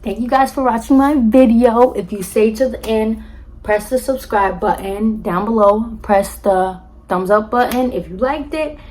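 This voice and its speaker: A young woman telling a personal story to her viewers in a casual, animated way, talking to them directly and acting out what others said. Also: a little slow, rough recording. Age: young adult. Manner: animated, acts out quotes with jumps in pitch; addresses viewers directly as y'all. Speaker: storytime vlogger.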